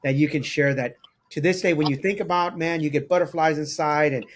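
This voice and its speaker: A man hosting a podcast, asking interview questions in a slow, reflective way. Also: on the high side, slight background noise. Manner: reflective, slow, searching phrasing. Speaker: podcast host.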